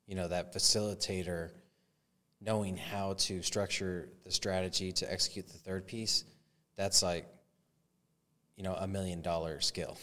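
A male podcast host with a very low voice, talking in a loose, chatty way and often checking in with "you know what I mean". His voice carries a noticeable reverberant tail from the room around him. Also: fairly bright tone. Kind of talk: casual interview chat.

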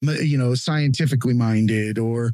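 A man's voice: mid-range voice, unhurried, mellow, no room sound. A man hosting a podcast in casual chat, opinionated and blunt, swearing freely. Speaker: podcast host.

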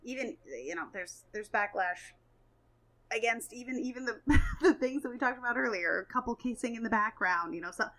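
A woman talking casually as co-host in a mid-range voice. She speaks quickly and emphatically, often breaking into laughter. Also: a little high, expressive, a bit bright, poor audio. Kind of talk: casual chat.

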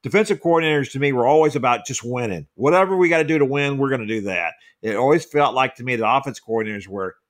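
A man offers his take in a relaxed podcast conversation. He sounds conversational and opinionated, with a few fillers along the way. His pitch sits in the ordinary middle range. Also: fast, few pauses. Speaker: sports journalist panelist. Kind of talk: casual podcast discussion.

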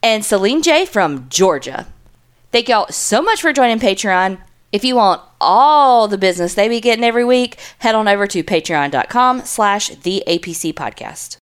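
A woman co-hosting a podcast in casual chat, talking in a chatty, animated way. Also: medium pitch, normal speed, clean tone. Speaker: podcast co-host.

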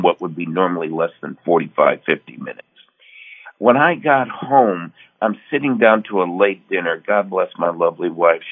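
An older man with a fairly low voice, heard on a tinny, phone-like radio line. He is from the US Northeast and tells folksy stories on the air. He chats casually and acts out the dialogue he quotes. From Connecticut, US Northeast. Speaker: radio show co-host. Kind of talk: casual radio chat, storytelling.

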